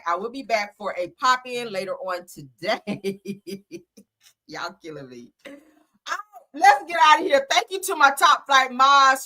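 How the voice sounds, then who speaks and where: A woman's voice: on the high side, pushed and bright. A woman hosting a livestream, reading celebrity news aloud in a sassy, chatty way and laughing with her viewers. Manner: sassy, chatty, laughs often, talks to chat. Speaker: livestream host.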